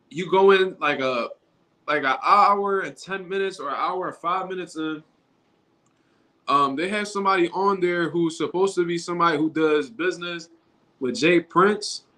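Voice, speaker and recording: A man's voice: sits high, sharp tone. Casual slangy man streaming live. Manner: loose, street slang, conversational, restarts often. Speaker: boxing commentary YouTuber. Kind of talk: casual livestream talk.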